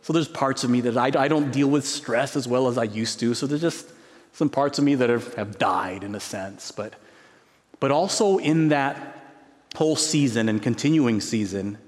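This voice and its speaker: A man preaching a sermon with emphasis, his voice climbing high on key words between musing pauses. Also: darkish tone. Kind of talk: expository sermon. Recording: long reverb of a large hall.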